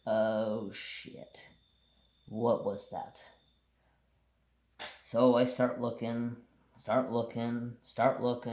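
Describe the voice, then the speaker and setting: A man hosting a craft channel, telling a story in a relaxed, rambling way and swearing casually. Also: mid-range voice. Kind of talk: casual storytelling while painting. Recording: roomy echo.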